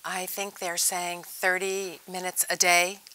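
A woman's voice: lowish voice, level tone, takes it slowly, bright, forceful tone, no echo, poor audio. A woman from a senior services organization, explaining matter-of-factly as a guest in a TV interview. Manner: plain, matter-of-fact explaining. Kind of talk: TV interview talk.

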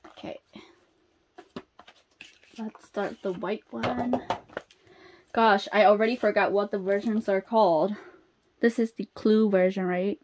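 A woman chatting casually as she unboxes, excitable and gasping at each reveal, then dropping to soft murmurs in between. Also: medium pitch, slow pace, pauses often. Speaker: unboxing vlogger.

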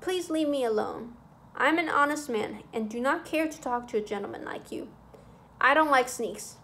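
A woman's voice: high voice, moderate pace, a bit bright. A woman voicing a blunt, sulky young male teacher who speaks curtly and coldly. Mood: angry. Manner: curt and cold.

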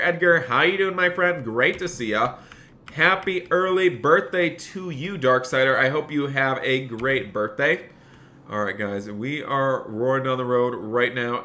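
A man's voice: mid-range voice, pushed and bright. A young man streaming a role-play game, chatting upbeat and greeting viewers by name.

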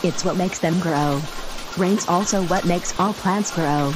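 A woman voicing a patient, gentle mother in a homemade cartoon. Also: fairly low pitch, a little slow, natural voice. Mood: soothing. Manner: gentle, soothing. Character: patient, reassuring mother of a schoolgirl. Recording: rain noise in the background. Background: rain.

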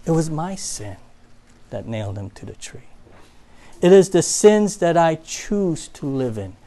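A man preaching a sermon in a church, telling stories and swinging from loud emphasis to quiet asides. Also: a little high, sing-song, measured pace.

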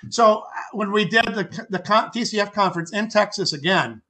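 A man's voice: high voice, a little fast. An older man, a podcast guest, telling a personal story in a rambling way, restarting and repeating words and acting out the quoted speech. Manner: acts out quoted speech with lively voices. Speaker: podcast guest, author and artist.

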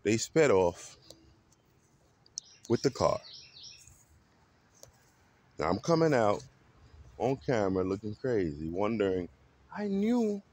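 A man with a very low voice recounts a story straight to the camera. He talks casually and dramatically, acting out the quotes and leaning into every twist. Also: takes it slowly, pauses often. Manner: animated, dramatic retelling with acted quotes. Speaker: vlogger.

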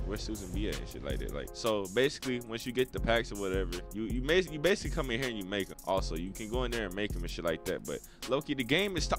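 A young man giving loose, slangy commentary while playing a game online, muttering to himself one moment and shouting at other players the next. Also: fairly low pitch. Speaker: gaming YouTuber. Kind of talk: live gameplay commentary.

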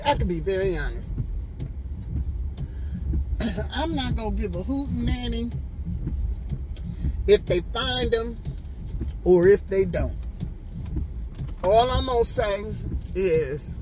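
A woman's voice: a little high, very animated, slow, long pauses, background noise. A woman telling a storytime vlog from her parked car outside a hospital, sassy and emphatic, repeating herself for effect, recorded on a handheld phone camera. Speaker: vlogger.

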